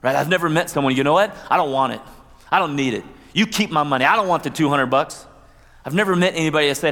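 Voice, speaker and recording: A man's voice: a little high, fast talker, fairly bright tone. Man preaching in an echoing hall. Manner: conversational preaching with asides and playful quoted voices. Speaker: pastor. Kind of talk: sermon. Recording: long hall reverb.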